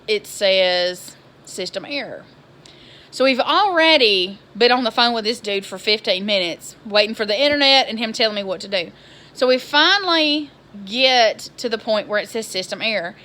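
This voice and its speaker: A woman, telling a story in an exasperated, animated vlog style. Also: fairly high pitch. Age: 20s. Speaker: vlogger.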